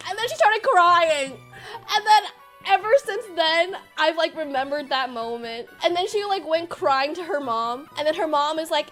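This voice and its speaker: Bubbly high-voiced young woman. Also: animated, fairly bright tone, faint music behind. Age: 20s. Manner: bubbly and chatty, lots of "like" and quick asides. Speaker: streamer answering viewer questions. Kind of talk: casual Q&A vlog.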